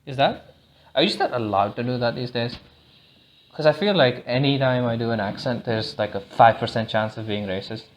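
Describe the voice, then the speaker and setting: A man's voice: medium pitch, moderate pace. A man hosting a solo podcast in a loose, rambling monologue, swearing freely and often restarting his sentences. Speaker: podcast host. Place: lives in India.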